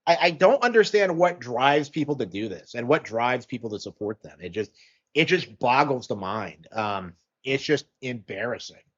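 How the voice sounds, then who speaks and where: A man's voice: medium pitch, expressive, normal speed, a bit bright. A man talking in a rambling, hesitant way, full of fillers and restarts, in casual commentary. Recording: muffled lo-fi audio.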